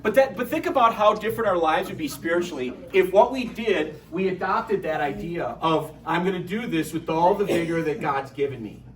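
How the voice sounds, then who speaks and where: A middle-aged man giving a lively, joking parish talk to an audience, telling stories as he goes. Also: sits high, fairly quick, few pauses. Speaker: adult formation speaker. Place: parish hall. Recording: echoey hall from far off.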